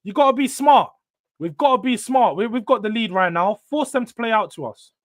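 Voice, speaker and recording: Young man, high-pitched watchalong chatter. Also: brisk, dry recording, studio quality. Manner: excitable, swings between hype and low-key mumbling, slangy. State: tired, yawning. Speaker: host of a football watchalong. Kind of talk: casual live match commentary and chat.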